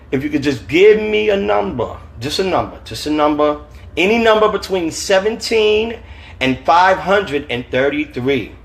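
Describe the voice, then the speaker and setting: A man reads from his own novel on a phone livestream, his voice sitting a little high. Between passages he chats casually with viewers in relaxed, slangy talk, chuckling often. The tone is loose and friendly. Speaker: author reading his novel. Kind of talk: livestream reading and casual chat.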